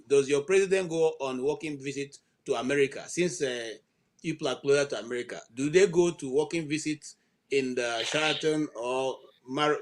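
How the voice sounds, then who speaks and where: A man hosting an online panel at a middle pitch. He sounds exasperated and emphatic, hammering his points and speeding up as he lists them. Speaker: host.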